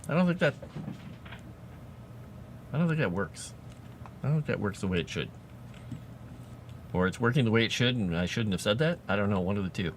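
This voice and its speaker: Lively, chatty man streaming. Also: on the low side, fairly quick, long pauses, slight background noise. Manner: animated, chatty, laughs often, talks to chat. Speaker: streamer writing fantasy lore. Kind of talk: casual live-stream chat.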